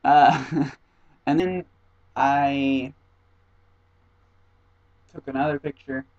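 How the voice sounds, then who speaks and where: A young man telling stories in a casual vlog, animated and jumping into high squeaky voices whenever he quotes someone. His speaking voice sits at an ordinary middle pitch. The sound is a little dull and lo-fi, like an old webcam mic. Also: extremely slow, no echo. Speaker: exchange student vlogger.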